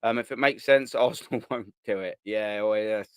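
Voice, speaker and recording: A man's voice: lowish voice, normal speed, smooth, no room sound. A man hosting a casual live stream, reading out viewer comments in a blunt, slangy, sweary way with frequent laughter. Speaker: host of a live fan channel.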